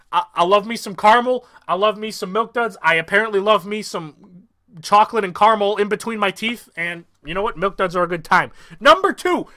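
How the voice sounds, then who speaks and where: A young man hosting a comedic ranking vlog, ranting with mock outrage and swinging from mumbled asides to loud excited bursts. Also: high voice. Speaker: YouTuber.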